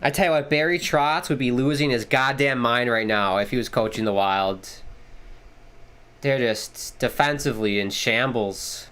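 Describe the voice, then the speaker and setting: A man hosting a live sports watchalong, giving casual commentary and reacting excitedly to the plays with casual swearing. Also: mid-range voice, moderate pace, clear, resonant tone. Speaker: livestream host.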